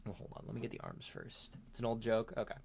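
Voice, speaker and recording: Gravelly-voiced rambling streamer. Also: mid-range voice, huge pitch swings, fast talker, a little mellow, slight background noise. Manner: rambling, chatty, laughs often, reacts to chat. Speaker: livestream host. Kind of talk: casual livestream chat while unboxing a toy.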